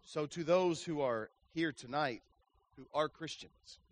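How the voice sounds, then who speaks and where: A man delivers an impassioned evangelistic sermon in a slightly high voice, moving between hushed lines and loud ones and piling up words in slow, emphatic runs.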